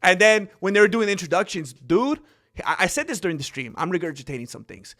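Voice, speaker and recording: A man hosting a casual commentary stream, rambling and animated, often acting out quotes. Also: high-pitched, fast. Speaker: host.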